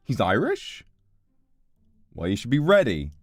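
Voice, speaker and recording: A man's voice: mid-range voice, wildly swooping pitch, a little slow, dry recording, studio quality, faint music behind. A man streaming a game, reading its text aloud and joking in casual commentary. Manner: playful, reads game text aloud and jokes.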